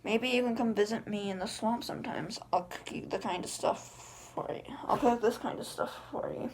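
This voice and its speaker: A woman reading the lines of a grumpy male ogre from a film script in her own everyday voice, flat and stumbling over words. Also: on the high side, moderate pace, slight background noise, lightly acted. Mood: plain reading. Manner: flat read-aloud delivery with slips.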